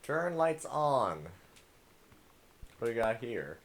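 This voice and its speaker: A man's voice: sing-song, takes it slowly. A man playing a game and casually commenting, muttering and reading notes aloud. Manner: mutters, reads documents aloud in a low murmur. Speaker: let's play gamer.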